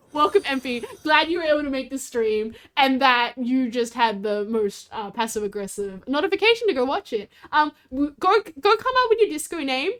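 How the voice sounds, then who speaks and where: A woman's voice: high voice, moderate pace, fairly bright tone. A woman streamer, chatting casually and bubbly with her chat. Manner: bubbly, giggly, talks to chat.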